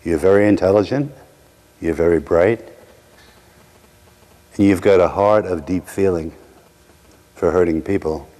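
A man voicing a gentle, kindly man who speaks softly and tenderly to a child. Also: low voice, a little slow, long pauses, long reverb tail, voice pushed down.

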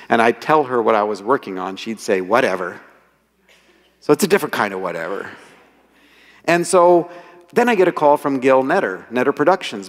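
A man telling lively anecdotes as the author speaking to an audience, quoting people as he goes. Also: medium pitch. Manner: animated storyteller, quotes people in voices. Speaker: author giving a talk. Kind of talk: storytelling talk. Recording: reverberant hall.

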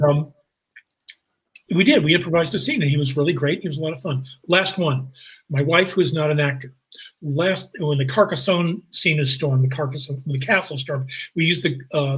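Husky, animated male actor telling stories. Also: a little high, poor audio. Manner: animated, acts out quotes in voices. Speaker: guest actor and improviser. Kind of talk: anecdotal interview storytelling.

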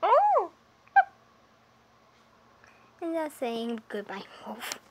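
A woman's voice: high voice, measured pace, noisy background. A woman in a casual vlog, rambling and hesitant as she demonstrates animal noises. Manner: rambling and hesitant, with restarts and apologies.

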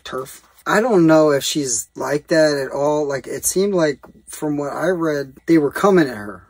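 A man's voice: on the high side, unhurried, husky, no echo. Rambling, profane man ranting on camera. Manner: rambling and profane, heavy with fillers. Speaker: vlogger. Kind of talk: casual opinion rant.

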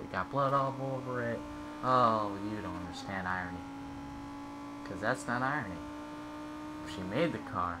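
A man's voice: fairly low pitch, normal speed, pauses often, noisy background. A young man giving casual, jokey gameplay commentary and chatting at the game characters. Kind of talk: casual let's-play commentary.

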